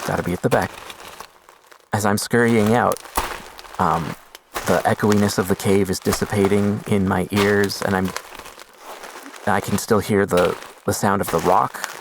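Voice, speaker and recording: A man hosting a podcast, telling a first-person story slowly and deliberately, with suspenseful pauses. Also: lowish voice, fairly even intonation, in a large hall, noisy background. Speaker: podcast host.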